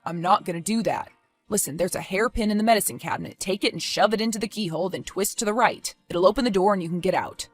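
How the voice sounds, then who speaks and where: A woman voicing a careless father who breezily brushes off his girlfriend's worries in an animated story. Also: mid-range voice, fast, faint music behind, close to an everyday voice. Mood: dismissive. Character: dismissive careless father, a grown man. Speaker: boyfriend and father.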